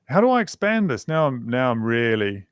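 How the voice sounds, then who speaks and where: A man's voice: mid-range voice, very animated, normal speed, clean tone, dry recording. A male guest on a livestream, chatting casually in a self-mocking, joking way.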